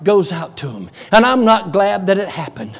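An earnest churchwoman testifying about a storm, as a preacher voices her, speaking softer and lower than his preaching. The voice stays high. It is gravelly. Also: sing-song, moderate pace, big-room sound, exaggerated voice.

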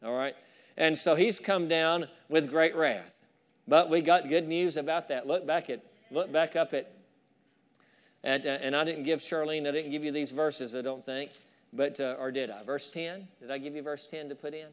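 A man preaching a fervent sermon, with asides to the congregation and rising shouts of praise. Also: on the high side, moderate pace. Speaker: pastor.

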